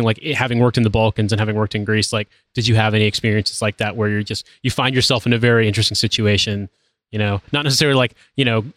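A man's voice: lowish voice, a bit bright, no room sound. A man hosting an interview, asking long, rambling questions full of fillers. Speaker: interviewer host.

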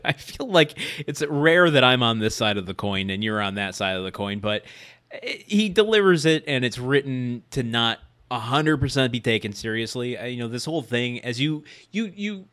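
A man co-hosts a podcast recapping a TV episode, playful and jokey and laughing often. His voice sits at an ordinary middle pitch but moves a great deal. It is easygoing, casual banter. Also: lively intonation, moderate pace, fairly bright tone. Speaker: podcast co-host.

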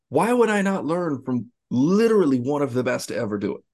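A man co-hosting a podcast, chatting casually about sports in a rambling, animated way with many restarts. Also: on the high side, a little fast. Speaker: podcast co-host.

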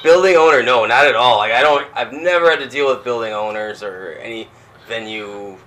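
Easygoing man with bright tone. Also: mid-range voice, fairly quick, slight background noise, rough recording. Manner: easygoing, short laughing replies. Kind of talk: casual chat.

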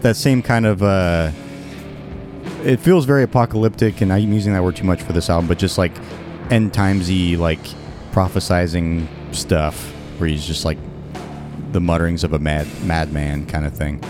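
A man co-hosting a casual album review chat, talking in a relaxed, rambling way with frequent restarts. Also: sits low, moderate pace, over music. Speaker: podcast co-host reviewing an album.

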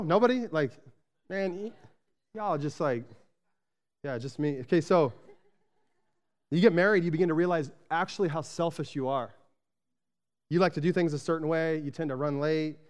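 A man from Arizona preaching a sermon in a casual, chatty way, often checking in with the congregation and getting animated in his stories. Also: a little high. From Arizona, USA. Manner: animated storytelling, rising louder when excited. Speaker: pastor.

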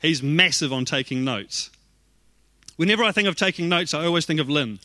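A man with a high, bright voice preaches to his church with energy. He shifts easily into playful asides and little jokes with the congregation. The sound is close and dry, with almost no room echo. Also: fairly quick. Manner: lively, joking asides to the congregation. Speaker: pastor. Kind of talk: sermon.

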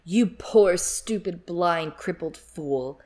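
A woman reading out the lines of a bitter male dwarf who snarls with malice, in a lowish voice. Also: a little slow. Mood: snarling.

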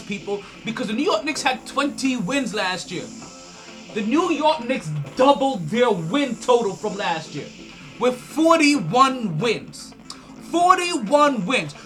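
Male sports podcast host, high bright voice, animated talker who repeats himself, faint music behind him. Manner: animated, repetitive restarts, laughs and swears when excited. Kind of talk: casual sports podcast monologue.

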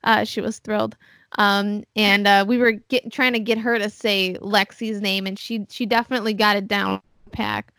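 A woman chatting casually on a podcast, relaxed and a little hesitant, with casual swearing. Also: mid-range voice, moderate pace, dry recording, studio quality. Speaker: podcast guest. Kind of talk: casual chat.

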